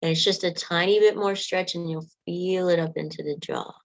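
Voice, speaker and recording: Low-voiced woman guiding a meditation. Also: fairly even intonation, dry recording, muffled recording. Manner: gentle, unhurried coaching with soft affirmations; leads yawning and stretching exercises. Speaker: meditation guide. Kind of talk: guided meditation.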